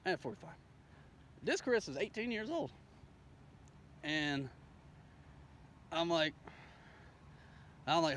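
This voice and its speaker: A man's voice: fairly high pitch, sing-song, normal speed, long pauses, a bit bright, a little hiss or hum. A man telling a rambling, profane story in a casual way, acting out the dialogue as he goes. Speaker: storyteller recounting his day.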